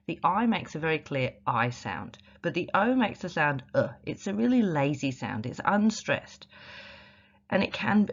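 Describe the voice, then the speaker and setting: A literacy teacher trainer teaches spelling in an instructional video, patiently explaining each step with plenty of examples and frequent "um"s. Her voice sits low, and the audio sounds dull.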